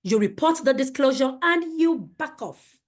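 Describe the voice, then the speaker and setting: Lady running a teacher training online, high voice, really animated, keeps asking the room questions. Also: a little slow. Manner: emphatic, rhetorical questions, animated. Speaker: safeguarding trainer.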